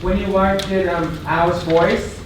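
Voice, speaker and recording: A man's voice: high-pitched, little pitch movement, slow pace. A man in the audience asking a panel question, hesitant with fillers. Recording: distant, echoey hall with faint room noise.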